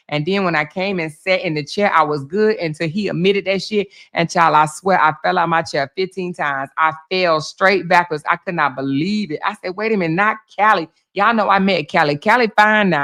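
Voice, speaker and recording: With a lowish voice, this woman gives animated gossip commentary on her livestream, laughing frequently, swearing freely and talking right to her chat.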